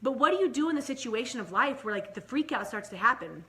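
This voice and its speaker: Young woman, vlog host, mother, casual chat to camera, filler-heavy, bright tone, slightly high voice. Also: expressive. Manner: chatty, many "like" and "right?" fillers, speeds up and slows down.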